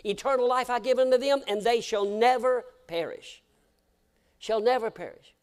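High-voiced preacher swinging from hush to shout. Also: male voice, moderate pace, clean tone. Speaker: pastor. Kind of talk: sermon. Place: church sanctuary.

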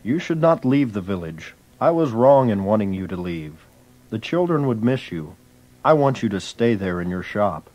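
A man's voice: fairly low pitch, big pitch swings, moderate pace, a little mellow. A stern village father. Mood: earnest. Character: stern grumpy village father who softens. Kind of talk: storybook cassette acting.

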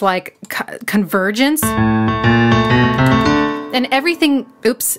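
Woman, music analyst, casual breakdown, enthusiastic, playful, faint music underneath. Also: medium pitch. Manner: enthusiastic, playful wordplay, sings snippets.

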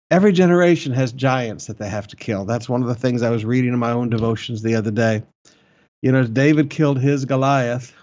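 A man's voice: mid-range voice, darkish tone, dull audio. An older man preaching as a pastor, earnest and repeating his key points for emphasis. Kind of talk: sermon and church announcements. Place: church in the Philippines.

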